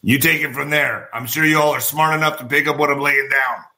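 A man hosts his own commentary vlog in a bright, forceful voice set a little high for a man. He talks in an animated, profane way, gesturing with his hands as he speaks. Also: fairly quick. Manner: former boxer. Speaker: show host.

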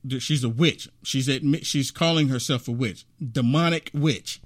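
A man's voice: mid-range voice, moderate pace. A man hosting an opinion livestream, talking in a preachy, emphatic way that rises to indignation. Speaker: commentary host.

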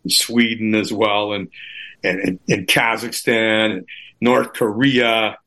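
Man from Canada, middle-aged, guest author on a livestream; bright tone, rambling storyteller who repeats himself. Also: lowish voice, little pitch movement, takes it slowly. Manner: rambling, repeats words and restarts.

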